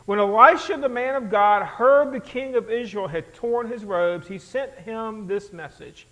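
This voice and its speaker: A man preaching a sermon in an animated, conversational way, throwing rhetorical questions to the congregation. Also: high-pitched, unhurried, hardly any pauses, poor audio. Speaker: pastor.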